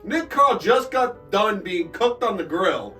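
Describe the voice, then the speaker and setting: Young male co-host, high-pitched, deadpan teasing, mic off at a distance. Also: slow pace. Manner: dry, teasing, deadpan quips. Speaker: podcast co-host. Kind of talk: casual sports banter. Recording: distant mic with faint music.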